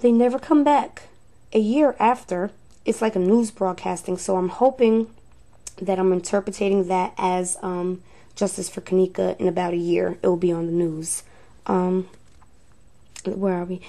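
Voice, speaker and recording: A woman's voice: on the low side, fairly even intonation, moderate pace, mellow. A woman reviewing ghost recordings, thinking aloud in a hesitant, unsure way. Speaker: paranormal investigator.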